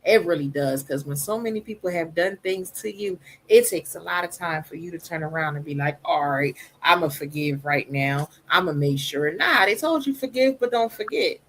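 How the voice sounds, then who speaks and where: A woman with a soft voice, speaking as a podcast guest in a candid, emphatic conversation, retelling her story with lively repetition. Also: fairly low pitch, brisk, hardly any pauses, slight background noise, poor audio.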